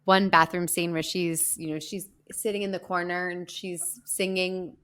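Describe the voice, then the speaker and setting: A woman co-hosting a casual movie podcast, retelling scenes in an animated way and laughing easily. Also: fairly low pitch, moderate pace. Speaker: podcast co-host.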